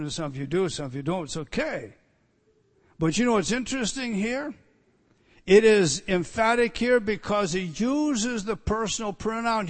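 A man preaching an expository sermon, swinging between loud declarations and hushed asides. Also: sits high.

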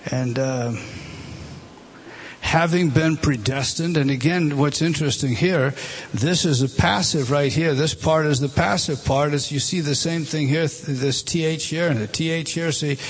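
Halting man teaching Bible Greek. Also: fairly high pitch, a little hiss or hum. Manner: halting, many restarts, points at a page and rises when stressing a word.

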